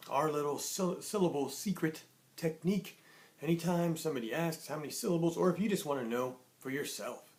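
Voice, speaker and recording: A man teaching young children in an online lesson, cheerful and patient, slowly sounding out words. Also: medium pitch. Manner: cheerful, sings a greeting song, slow clear sounding out of words.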